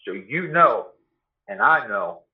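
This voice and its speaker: A man's voice: on the low side, big pitch swings, slow pace. Profane man, echoey tinny sound. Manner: blunt, profane street talk with frequent "you know what I mean". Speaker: guest telling his life story. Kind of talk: casual storytelling. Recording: echoey room over a tinny phone-like line.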